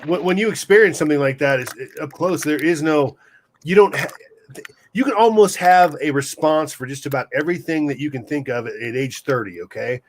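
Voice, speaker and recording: A man guesting on a casual panel over a video call, talking haltingly and restarting his sentences. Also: fairly high pitch, slight background noise.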